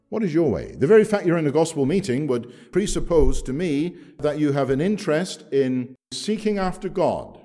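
A man preaching a gospel sermon, telling stories emphatically with big swings between loud and soft. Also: mid-range voice. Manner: storytelling, emphatic with wide swings in loudness.

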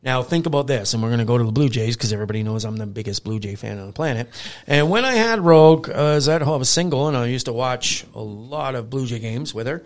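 A man co-hosting a casual podcast as a dog trainer, telling animated stories and acting out growls and praise. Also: medium pitch, fast talker. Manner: animated storyteller who acts out growls and praise.

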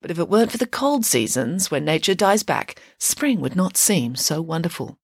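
A woman's voice: fairly low pitch, sing-song, normal speed, creaky, slightly rough, no echo, studio quality, exaggerated voice. A woman voicing a confident, bossy female pig nanny who speaks in a matter-of-fact storytelling way. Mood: knowing, matter-of-fact.

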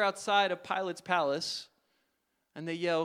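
A male pastor preaching a sermon, telling the story dramatically, swinging from loud emphasis to hushed asides. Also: fairly high pitch, normal speed.

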